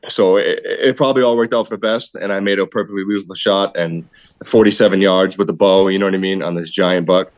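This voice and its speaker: A man excitedly telling a hunting story in casual podcast chat, saying "dude" a lot. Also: low-pitched, a little fast, no room sound, dull audio. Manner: excited, animated retelling with repeated "dude". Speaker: podcast guest, hunter.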